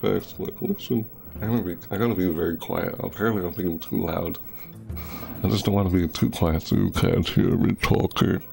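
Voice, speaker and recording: A man's voice: deep voice, fairly even intonation, fairly quick, gravelly, a little mellow, faint music behind. A young man chatting casually during a live game stream, rambling and repeating and correcting himself. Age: young adult. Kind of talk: casual live-stream chat over gameplay.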